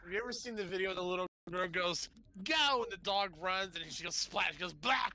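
A man's voice: high-pitched, fast, a little hiss or hum. A man playing a tabletop game, chatting casually and acting out sounds as he tells an anecdote. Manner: animated storyteller, acts out sounds. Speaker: player.

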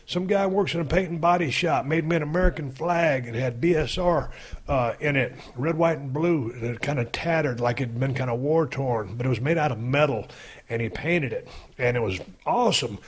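A man hosting a podcast, telling a story in a casual, profane, animated way and acting out the people he quotes. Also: mid-range voice, moderate pace. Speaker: podcast host.

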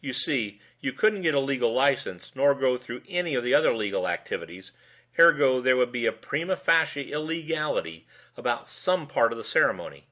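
A man's voice: mid-range voice, animated, a little fast, bright, forceful tone. A man voicing a sly, amused male police lieutenant who talks in a wordy, mock-formal way.

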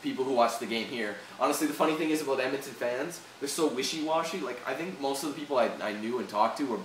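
A man's voice: medium pitch, fast, a bit bright. A young Canadian man venting in a heated, profane rant for his video channel, with frequent restarts. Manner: swearing, heated, repetitive restarts. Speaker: vlogger. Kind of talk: angry rant vlog. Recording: echoey room, far from mic, faint hiss.

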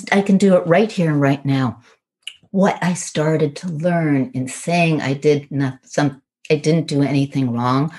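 A middle-aged woman on a podcast, telling a personal story in an earnest, halting, reflective way with frequent pauses. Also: deep voice, a little mellow. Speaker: podcast guest.

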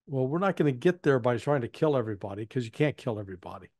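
A man of middle pitch talks through his views as an interview guest, a former intelligence analyst. His delivery is plain-spoken and halting, circling back and restarting phrases as he thinks. The sound is dry and close, with no room around it. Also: lively intonation, a little mellow, dry recording. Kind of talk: conversational political commentary.

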